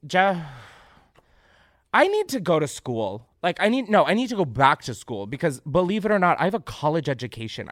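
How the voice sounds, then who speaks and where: A man hosting a comedic podcast, reacting loudly to what he reads, swearing freely and laughing often. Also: a little high, dry recording, clean studio sound. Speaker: podcast host.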